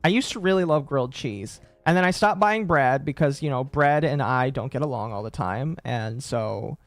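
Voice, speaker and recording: A man's voice: mid-range voice, normal speed, no room sound, faint music behind. A man in his late twenties, casually chatting on a stream and answering chat, rambling and correcting himself as he goes. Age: late 20s. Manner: rambling, self-correcting, chuckling.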